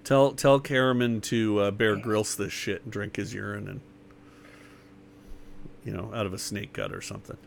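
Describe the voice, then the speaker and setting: Man, gravelly voice, joking player, laughs a lot. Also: lowish voice, steady tone, moderate pace, long pauses, a little hiss or hum. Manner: joking, laughs often, stammers. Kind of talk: tabletop game chat.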